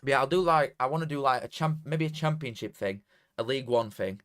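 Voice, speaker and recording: A young man with a Yorkshire accent hosts a casual football watchalong stream. He chats loosely, swears freely, and flares up quickly as results come in, in an ordinary middle-pitched voice. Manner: excitable, swears freely, bursts into shouting at goals. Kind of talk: casual live stream commentary.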